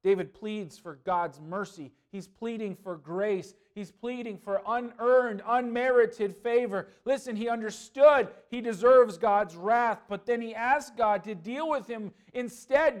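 A man, a pastor, preaching a sermon with passion, swinging between loud pleading and hushed earnestness. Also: high voice, measured pace, hardly any pauses.

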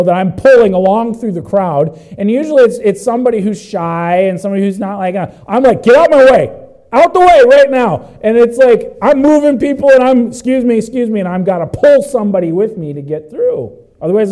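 An emphatic male preacher with a high yet mellow voice. He repeats phrases, asks his listeners questions, and swings from loud cries down to low, intense stretches. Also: poor audio. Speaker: pastor. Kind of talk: sermon.

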